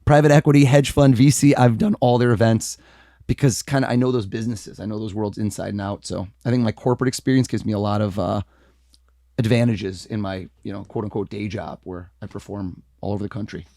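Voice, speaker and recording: A man from the United States, a mentalist guest, talking in a casual interview in a lively, animated way. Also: lowish voice, brisk, creaky, no room sound, studio quality. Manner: energetic, animated, acts out quoted voices.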